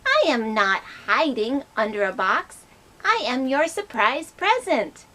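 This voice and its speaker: A woman voicing a playful male frog puppet in a children's puppet skit, speaking in slow, clear sentences. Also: sits high, very animated, pushed and bright, heavily acted.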